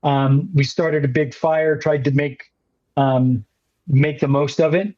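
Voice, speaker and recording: A man, a filmmaker guest, telling a story in a casual interview with a measured pace and dry understatement. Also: a little high, fairly even intonation, darkish tone. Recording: muffled lo-fi audio.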